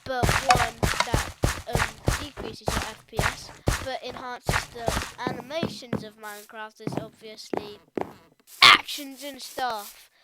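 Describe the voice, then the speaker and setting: A woman's voice: on the high side, fairly even intonation, takes it slowly. A woman with a British accent chatting casually in a gaming vlog, rambling and correcting herself with lots of ums. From United Kingdom. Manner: rambling, hesitant, self-correcting with many ums. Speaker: YouTuber. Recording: loud background noise.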